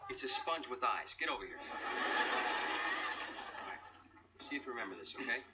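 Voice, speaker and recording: A man's voice: mid-range voice, very animated, moderate pace, a loud crowd, natural voice. A man playing an upbeat, teasing uncle in a sitcom, heard in an old TV clip. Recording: distant muffled TV clip with loud background noise.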